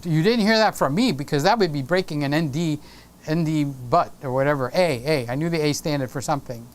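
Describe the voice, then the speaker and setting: A man's voice: on the high side, fairly quick. A man hosting a casual live stream from his home studio, playfully teasing viewers and greeting them by name.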